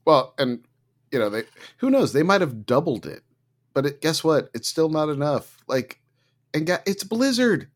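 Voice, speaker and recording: A man co-hosting a casual gaming podcast, talking with big excited swings in his voice. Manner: animated, swings pitch sharply when excited. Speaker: podcast co-host. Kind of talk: casual chat.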